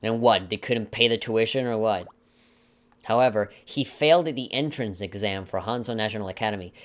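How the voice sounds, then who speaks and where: A man's voice: fairly low pitch, a little fast. A man playing a video game, reading its story text aloud and mocking it with sarcastic asides. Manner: sarcastic, mock-dramatic, chuckling asides. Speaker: let's play commentator.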